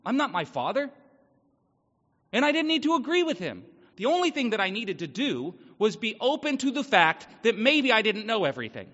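Male pastor, thirties, joking conversational sermon; slightly high voice, long hall reverb, dull sound. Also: big pitch swings, moderate pace, a bit bright. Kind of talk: casual sermon.

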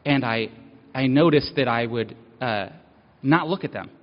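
A man's voice: mid-range voice, measured pace. A man preaching a sermon, candid and self-mocking, speaking earnestly about needing help. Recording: dull sound with long hall reverb.

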